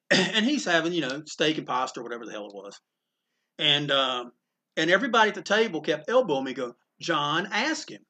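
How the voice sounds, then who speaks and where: A man's voice: fairly high pitch, big pitch swings, quick pace, sharp tone. A man casually telling a story, chatty and full of restarts and asides. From Greensboro, North Carolina. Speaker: comic book store owner telling a story. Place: inside a comic book store.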